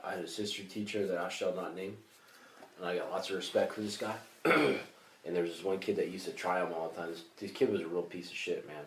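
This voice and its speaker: A man co-hosting a comedy podcast, telling a story in a casual, animated way with plenty of swearing. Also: low-pitched, fast talker. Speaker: podcast co-host. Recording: echoey room, distant mic, faint hiss.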